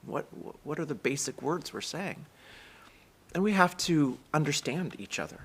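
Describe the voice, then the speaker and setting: Fast-talking American man giving a sermon. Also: on the high side, expressive, a bit bright, husky. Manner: chatty, self-deprecating, fast-talking. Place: synagogue sanctuary, live stream.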